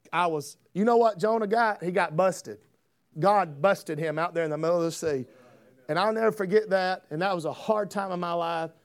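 Pastor, high voice, homespun preaching that swells to fervor. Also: male voice. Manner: folksy, rising to fervent preaching. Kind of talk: sermon.

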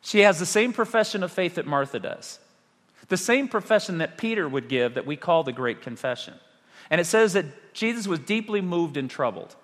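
Male pastor, animated sermon delivery with dramatic pauses; long hall reverb. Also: high-pitched. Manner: animated preaching with rhetorical questions and dramatic pauses.

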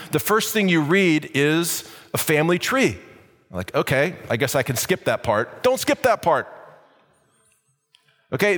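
A man's voice: fairly high pitch, a bit bright, long reverb tail. A man preaching a sermon in a conversational way, with many fillers and restarts. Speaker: pastor.

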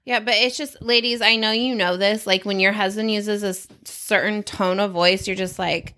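Woman, podcast co-host, casual chat, sarcastic, swears a lot, bright tone. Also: mid-range voice, moderate pace. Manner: sarcastic, swears freely, lively storytelling.

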